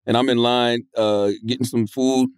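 A man co-hosting a podcast, chatting casually and telling animated stories, laughing often. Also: medium pitch, normal speed, smooth, no room sound, clean studio sound. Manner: animated storytelling, laughs a lot. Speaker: podcast co-host. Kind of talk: casual chat.

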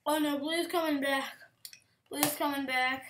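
A woman giving casual gaming commentary, excitable, with frequent exclamations and whispered asides. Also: high voice, measured pace. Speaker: gameplay commentator.

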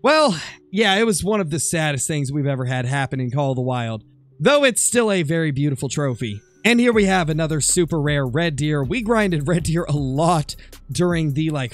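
A man who sounds a little raspy while getting over an illness, chatting easygoingly through a game commentary voice-over with plenty of fillers. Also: a little high, animated, moderate pace. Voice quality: slightly raspy. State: recovering from illness. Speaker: gaming channel host.

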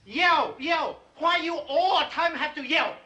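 Cast: a touchy ranch cook, very high voice, slow clipped broken English, 1950s TV western. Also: male voice, expressive, sharp tone, full character voice. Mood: indignant. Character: touchy male ranch cook, quick to quit.

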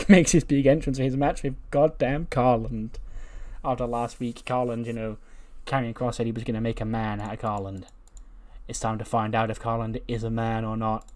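A man's voice: medium pitch, steady tone, moderate pace, darkish tone. A young man hosting casual gaming commentary, rambling and chuckling as he recaps a wrestling booking sim. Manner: rambling, chuckling, self-correcting. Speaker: gaming video host.

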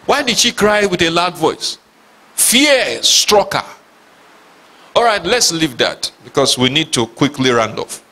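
This man's voice sits fairly high and swings widely in pitch, sounding pushed and bright at a slightly slow pace. Preaching as a pastor, he dramatically reads scripture with emphasis and asks the congregation questions.

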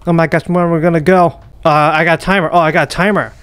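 A young man commentating a horror game as he plays, muttering, whispering and panicking with rapid repeats. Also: a little high, steady tone, fairly bright tone, smooth, dry recording. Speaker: gaming YouTuber. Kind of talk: live gameplay commentary.

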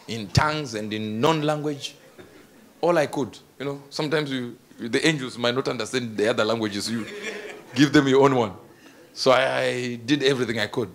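A man preaching a sermon as a story, animated and jokey, laughing between his lines. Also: medium pitch, a little hiss or hum.

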